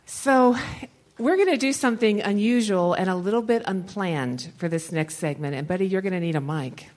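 A woman's voice: medium pitch, moderate pace, a little mellow, low-quality recording. A woman leading a Christian conference session, talking in a rambling, conversational way and laughing often between thoughts. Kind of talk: conversational teaching talk to a live audience.

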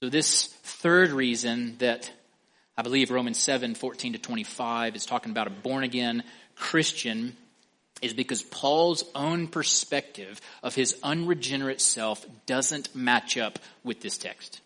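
A man's voice: mid-range voice, measured pace, fairly bright tone. Man preaching with emphatic rhythm. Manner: emphatic, asks the listeners questions, varies pace and volume for stress. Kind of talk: expository sermon.

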